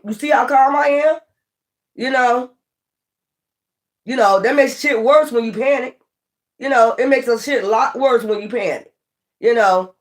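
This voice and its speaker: A man playing a calm, exasperated Jesus who scolds his panicked followers in a laid-back, profane way. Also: very high-pitched, pitched above the performer's own voice.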